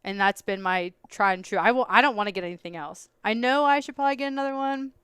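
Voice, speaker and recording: A woman guest on a podcast, telling a story with lots of laughter and acting out her own quotes in loud, high bursts. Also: quick pace, clear, resonant tone, no echo, studio quality. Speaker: podcast guest, law enforcement officer. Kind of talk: animated storytelling in casual chat.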